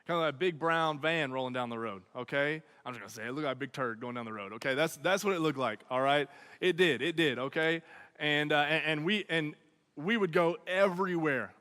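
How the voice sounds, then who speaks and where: Animated male storyteller at a student event, high and bright, keeps tagging lines with "okay?", big hall reverb. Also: brisk. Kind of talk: comic storytelling talk.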